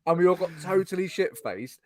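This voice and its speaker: A man's voice: high voice, expressive, brisk, no room sound, studio quality. A man co-hosting a casual podcast, telling rambling stories and laughing often. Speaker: podcast host.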